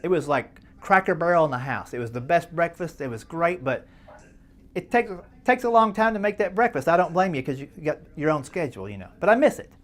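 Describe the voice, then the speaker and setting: Lively man telling stand-up stories. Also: on the high side, a little fast. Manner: folksy, self-deprecating, conversational with the crowd. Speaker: stand-up comedian at a charity dinner. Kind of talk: stand-up comedy storytelling.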